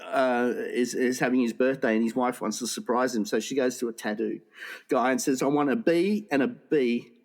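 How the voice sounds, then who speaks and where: A man's voice: mid-range voice, moderate pace. A man co-hosting a casual comedy podcast. He rambles through jokes and laughs at his own punchlines. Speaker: podcast co-host.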